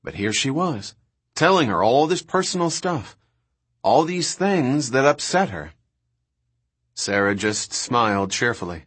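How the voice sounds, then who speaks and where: A man narrating a novel in a calm, even storytelling manner. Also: medium pitch, a little slow, slightly rough. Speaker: audiobook narrator. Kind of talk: scripted narration.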